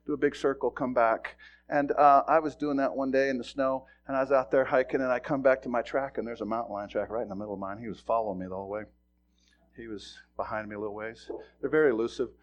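A middle-aged male pastor preaching a sermon, telling a personal story in a folksy, animated way with sudden loud bursts. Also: medium pitch, muffled recording.

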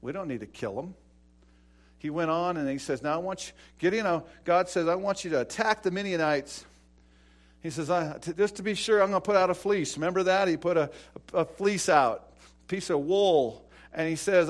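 A middle-aged pastor preaches with a fairly high voice. He tells stories with energy, acting out the dialogue. His delivery swings from loud, raised passages down to hushed, quiet lines. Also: normal speed. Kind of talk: sermon.

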